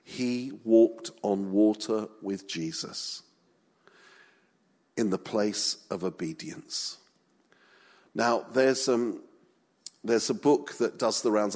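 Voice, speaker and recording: A man's voice: fairly low pitch, darkish tone. A man preaching a sermon in a chatty, humorous way with light asides.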